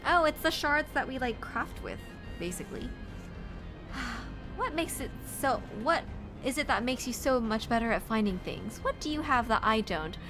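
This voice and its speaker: Over background game music, a woman with a somewhat high, expressive voice speaks at a moderate pace. She's streaming a game, reacting aloud and chatting casually in a voice that comes across as tired and strained.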